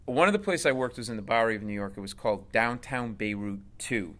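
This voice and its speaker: A man, a comedian, telling a comic story in an interview in an animated way. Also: lowish voice, quick pace. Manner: animated, acts out voices. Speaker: comedian guest.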